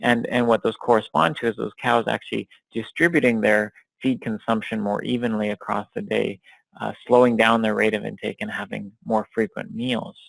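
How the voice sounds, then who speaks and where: Gravelly low-voiced male lecturer, dry mic. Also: fairly even intonation, no room sound, low-quality recording. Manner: measured, many fillers and restarts. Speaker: dairy science researcher and lecturer. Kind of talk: recorded academic lecture over slides.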